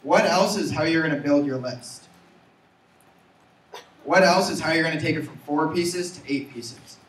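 Man, young adult, sales trainer, energetic, higher voice, roomy far-off sound. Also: slight background noise. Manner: energetic, asks audience to repeat. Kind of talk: motivational sales talk.

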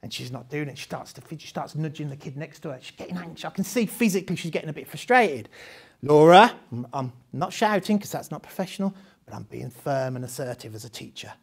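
A man's voice: on the high side, animated, fast, gravelly, breathy edge. A man leading a live training session for teachers, talking conversationally with rhetorical questions and frequent laughs.

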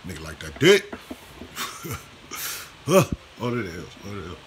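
A man's voice: deep voice, wildly swooping pitch, a little slow, a little hiss or hum. A man vlogging a casual commentary rant, profane and repetitive in his street slang.

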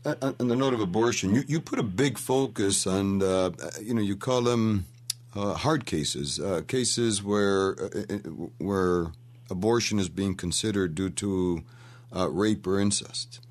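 A male host asking a question in a halting way, with many "uh" fillers. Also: fairly low pitch. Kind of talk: interview questions.

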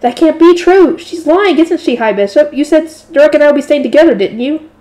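A woman's voice: high-pitched, lively intonation, quick pace. A woman reading aloud and voicing a cheerful, naive young shrine maiden in a light novel. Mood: pleading. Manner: bright, pleading.

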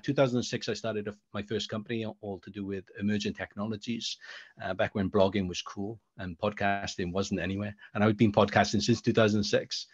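Low-voiced man coaching on public speaking. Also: lo-fi sound. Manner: deliberate pauses between words; rambling storyteller. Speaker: speaker coach and creative producer. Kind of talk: answering a question in an online talk. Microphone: video call.

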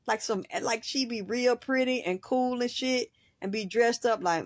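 A woman hosting a spiritual reading, rambling in an excitable monologue and swearing freely in long run-on sentences. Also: fairly high pitch, a little slow, dry recording, clean studio sound. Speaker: host, spiritual reader.

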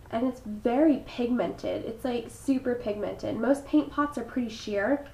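A woman's voice: on the high side, measured pace, gravelly, warm tone, roomy sound, low-quality recording. A young woman getting over a cold, sounding stuffy and congested, chatting casually through a makeup haul with frequent ums. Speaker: beauty vlogger.

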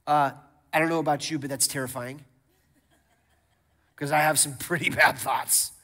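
A man preaching a sermon as pastor, energetic, repeating words and calling out to the congregation. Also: a little high, moderate pace. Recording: long church hall reverb.

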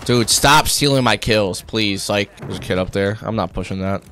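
A man's voice: fairly low pitch, moderate pace, fairly bright tone, a little hiss or hum. A young man, a college student, ranting in a profane, slangy way while playing a shooter game, often stumbling and restarting his sentences. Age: young adult. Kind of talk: ranting commentary over gameplay.

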